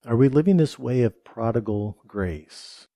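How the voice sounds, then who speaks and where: Male pastor, mellow dark tone, unhurried sermon delivery with repeated refrains. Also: mid-range voice, lively intonation, no echo, studio quality. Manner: reflective, repeats phrases for emphasis, reads scripture aloud.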